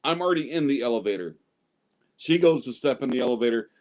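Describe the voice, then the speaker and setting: A man chatting casually on a stream, telling his story in a halting way and stumbling over his words. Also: mid-range voice, animated. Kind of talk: casual chat.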